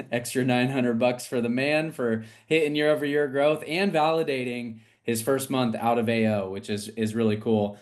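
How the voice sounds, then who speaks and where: A man's voice: medium pitch, normal speed. Upbeat man leading a team call. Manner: energetic, hypes people up. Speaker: agency leader hosting a team call. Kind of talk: upbeat team meeting shout-outs.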